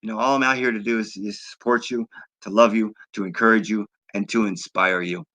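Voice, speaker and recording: A man hosting a recovery livestream, giving heartfelt, repetitive thanks and shout-outs in a casual sign-off. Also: lowish voice, fairly even intonation, brisk, poor audio.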